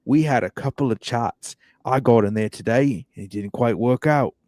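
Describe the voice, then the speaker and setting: A man putting on an Australian accent, pitcher complaining. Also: moderate pace, dry recording, clean studio sound, natural voice. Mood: mock earnest. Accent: Australian (put on). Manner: mock impression, slightly raised and louder. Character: adult male Australian pitcher, frustrated but measured. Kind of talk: casual podcast impression.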